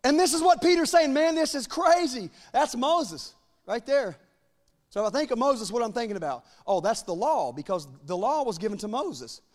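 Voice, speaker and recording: A man preaching an impassioned sermon, acting out biblical dialogue in casual voices and building to near-shouting peaks. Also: extremely high pitch, big pitch swings, normal speed. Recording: long hall reverb.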